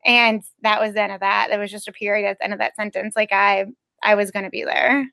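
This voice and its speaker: A woman's voice: medium pitch, flat delivery, quick pace, vocal fry, bright, forceful tone, clean tone, no echo. A woman who is an Olympic speed skater, telling her story as a podcast guest in an earnest, emphatic, determined way. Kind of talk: personal storytelling in a podcast interview.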